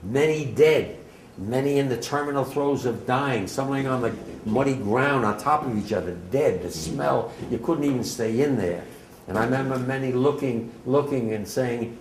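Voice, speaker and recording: Speaking at medium pitch and a moderate pace, an 80-something war veteran from New Jersey tells a class his personal story. It is vivid and emotional, punctuated by emphatic outbursts, recorded in an echoey room with slight background noise.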